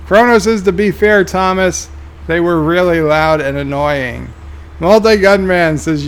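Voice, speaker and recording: A man streaming a game reads viewer chat aloud and answers with dry, offhand remarks. His voice sits a little higher than most men's and carries a gravelly fry. He sounds tired. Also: a little hiss or hum. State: tired, yawning. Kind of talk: casual live-stream commentary.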